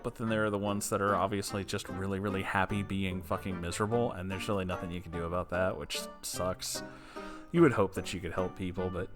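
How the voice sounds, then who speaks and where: A man hosting a story channel, reading a submitted story and then chatting casually, emotional and swearing freely. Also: on the low side. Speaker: story reader and channel host.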